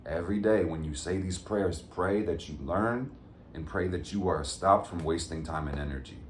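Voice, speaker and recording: A man's voice: low-pitched, moderate pace, echoey room, noisy background. A man giving a casual, upbeat tarot reading to his viewers, full of motivational pep talk. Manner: upbeat, motivational, addresses viewers as fam and gang. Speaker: tarot reader.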